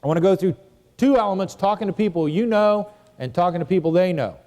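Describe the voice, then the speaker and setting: A man leads a seminar, talking through a phone script one step at a time in a plain, conversational way. His voice sits a little high for a man. It was recorded live in a hall with a long reverb tail. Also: fast talker, dark tone. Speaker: real estate investing instructor. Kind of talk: seminar lesson.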